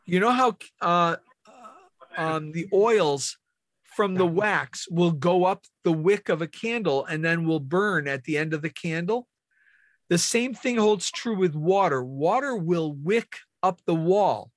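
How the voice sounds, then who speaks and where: A man's voice: sits high, expressive, unhurried, no echo, clean studio sound. A man leading a team training meeting, explaining step by step and asking questions of the room.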